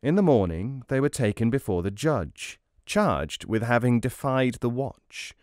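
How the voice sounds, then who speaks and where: Man reading a folk tale aloud, slow and swingy, lowish voice. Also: no echo, clean studio sound. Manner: slow, measured, expressive. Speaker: storyteller. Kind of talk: read-aloud storybook narration.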